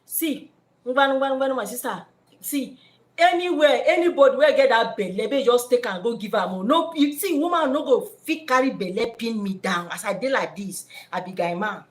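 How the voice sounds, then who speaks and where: A woman's voice: fairly high pitch, lively intonation, normal speed, close to an everyday voice. Woman doing a swaggering, scornful Nigerian man. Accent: Nigerian Pidgin. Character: boastful married man brushing off a pregnancy.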